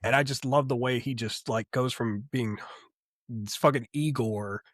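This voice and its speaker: A man chatting casually as a podcast co-host. He talks in an excitable rush, swears freely and rambles through fillers. His voice sits in an ordinary pitch and sounds dry and close, with little room sound. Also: a little slow, dry recording. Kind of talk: casual chat.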